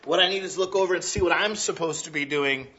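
Male pastor, sermon, loudmouth conversational delivery, slightly high voice, muffled lo-fi sound. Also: quick pace. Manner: loud, conversational preaching with frequent "right?" asides.

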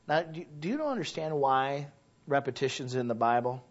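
A middle-aged male pastor preaching a sermon in a church, talking conversationally and building to loud exhortation. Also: medium pitch, animated, moderate pace. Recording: dull lo-fi recording.

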